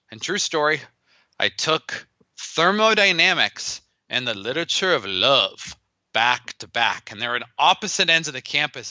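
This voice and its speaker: A man's voice: mid-range voice, dry recording, muffled recording. A middle-aged man telling stories in an interview, acting out the dialogue he quotes. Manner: animated, acts out quoted dialogue. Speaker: guest, business founder. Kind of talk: storytelling in a podcast interview.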